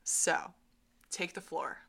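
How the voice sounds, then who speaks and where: A woman's voice: slow pace, bright, forceful tone. A young woman co-hosting a podcast, telling stories in casual chat and acting out the quotes. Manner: chatty storyteller, acts out quotes, laughs often. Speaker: podcast co-host.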